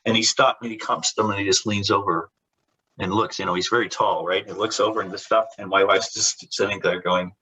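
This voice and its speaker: A man's voice: on the low side, steady tone, brisk, bright, forceful tone, husky, low-quality recording. A man who works as a comic book artist, a guest in a casual interview. He tells rambling stories with many restarts and laughs, and briefly acts out the voices of the people in them.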